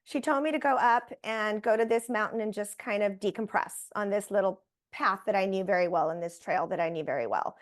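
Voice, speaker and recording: A woman, a guest on an interview show, telling a personal story in a lively way and acting out the voices she quotes. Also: mid-range voice, brisk. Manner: animated, acts out quoted voices.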